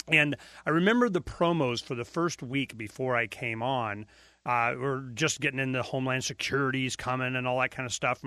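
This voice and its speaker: Man, talk radio host, rambling emphatic monologue, bright tone, close dry studio sound. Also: mid-range voice, dry recording. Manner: rambling, emphatic, full of fillers.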